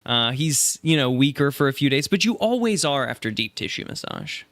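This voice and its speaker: A man's voice: medium pitch, big pitch swings, moderate pace, a bit bright, no room sound. A man playing a tabletop game, chatting casually about his character with a rambling, self-correcting manner full of fillers.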